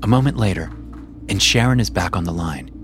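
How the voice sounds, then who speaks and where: A man narrating a suspenseful first-person story in a measured way. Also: deep voice, expressive, music in the background.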